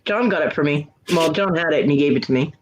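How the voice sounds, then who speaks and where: A woman hosting a casual live stream hangout, chatting in an animated way and laughing often. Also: low-pitched, fast talker, a little hiss or hum, low-quality recording. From United States. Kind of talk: casual chat.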